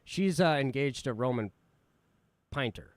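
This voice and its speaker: A man chatting as a podcast guest in an easygoing, halting way. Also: medium pitch, expressive, dry recording. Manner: easygoing, hesitant, restarts often. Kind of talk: casual podcast chat.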